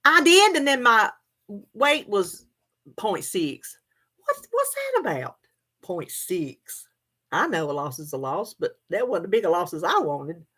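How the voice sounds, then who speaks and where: A woman's voice: mid-range voice, very animated, normal speed, pushed and bright, slightly rough. A middle-aged woman, chatting casually with her viewers and laughing often as she answers their comments. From United States. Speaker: livestream host.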